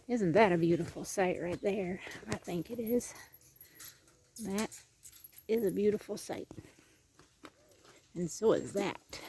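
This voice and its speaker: Female vlogger, easygoing walk-and-talk outdoors, faint hiss behind, slow delivery. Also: a little mellow. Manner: chatty, coos to animals in a higher voice. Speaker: homestead vlogger. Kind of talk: casual walking tour narration. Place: outdoors on a farm.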